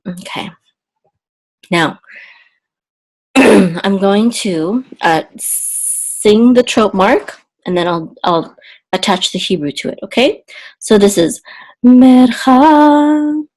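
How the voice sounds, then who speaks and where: Female Hebrew tutor, slightly sore throat, patient explainer who breaks into sung chant phrases. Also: medium pitch. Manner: explains slowly, then chants the trope melodies. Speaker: Hebrew teacher. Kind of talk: online Bible Hebrew lesson.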